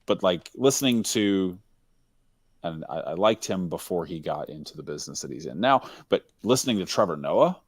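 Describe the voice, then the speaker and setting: A Texan man with a very deep, low voice talks in a loose, rambling way and laughs often. The sound is dry and close, with no room around it. He is chatting casually on a call. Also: animated, moderate pace, no room sound. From Texas. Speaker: game developer and host.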